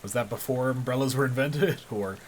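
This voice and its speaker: A man voicing a relaxed male hobo who drawls slowly while reading a comedy game aloud. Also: mid-range voice, slight background noise, close to an everyday voice. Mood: friendly. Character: easygoing male hobo in the rain.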